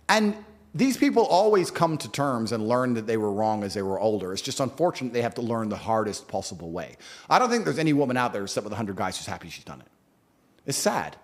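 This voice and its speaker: Male guest, forceful opinions, lively and swinging delivery. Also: on the high side. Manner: emphatic, sweeping claims, animated. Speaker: interview guest. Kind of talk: opinionated interview talk.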